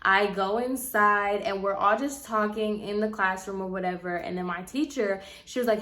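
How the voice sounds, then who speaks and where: A young woman vlogger telling a casual storytime in a slangy, animated way, acting out the voices of the people she quotes. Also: mid-range voice, moderate pace. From Puerto Rican heritage.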